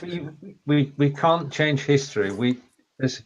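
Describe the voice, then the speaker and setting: Co-host and historian, northern English man with a blended Lancashire-Cumbrian accent, measured and explanatory, slightly muffled sound. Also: on the high side, lively intonation. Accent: mixed northern English, Lancashire and Cumbrian. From Lancashire and Cumbria, England. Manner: measured, explanatory, reads out viewer comments. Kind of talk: casual chat on a live video show.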